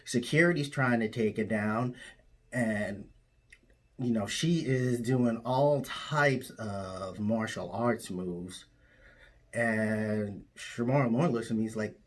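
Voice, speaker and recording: Guy telling a silly tall tale totally deadpan, like it really happened. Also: medium pitch, measured pace. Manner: absurd tall tale told matter-of-factly. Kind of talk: deadpan comic storytelling.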